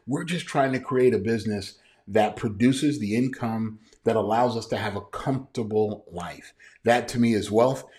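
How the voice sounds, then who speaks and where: A man's voice: fairly low pitch, moderate pace, darkish tone. A man in his thirties hosting a business coaching podcast, talking casually and earnestly with many fillers and restarts. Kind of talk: podcast introduction monologue.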